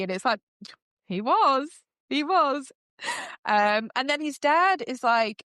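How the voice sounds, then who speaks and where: A woman's voice: on the high side, a little slow, fairly bright tone, smooth, dry recording, clean studio sound. A woman hosting a podcast, recapping a TV series in casual, chatty talk full of "um" and "like", gushing about what she loves. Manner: chatty and gushing, heavy use of "um" and "like". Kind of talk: casual chat.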